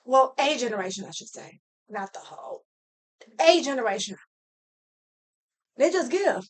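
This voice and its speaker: Here the same kind of motivational speaker talks to camera in a fairly high voice, with lively intonation at a moderate pace. Her heartfelt message comes across as earnest and preachy, and she repeats phrases to drive points home.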